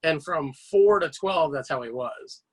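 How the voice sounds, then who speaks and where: Man rambling through animated anecdotes. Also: on the high side, unhurried, slightly rough. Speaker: podcast guest. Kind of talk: casual storytelling chat.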